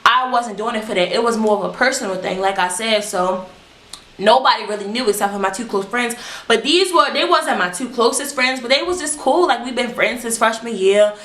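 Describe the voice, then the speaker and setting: A young woman telling a story from her own life in a casual vlog, in a candid, animated and profane way. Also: on the high side, fairly quick. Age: young adult. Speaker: vlogger. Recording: roomy echo.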